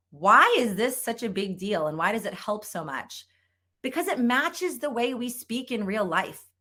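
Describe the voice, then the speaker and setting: A woman's voice: medium pitch, fairly bright tone. A middle-aged woman delivers a conference keynote as a sales trainer. Her delivery is upbeat and emphatic, and she drives points home by repeating them.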